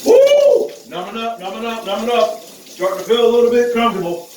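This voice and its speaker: A man's voice: sits high, steady tone, fast, distant mic, heavy background noise. A man, talking casually to camera in a profane, joking vlog, whooping as he goes. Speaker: vlogger. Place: outdoor shower. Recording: echoey, from off the mic, with running water.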